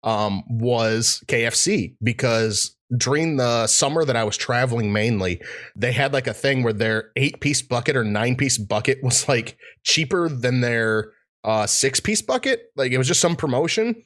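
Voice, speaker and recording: Animated and moderately paced, this podcast co-host has a mid-range, slightly bright voice. His casual chat wanders, full of fillers and false starts.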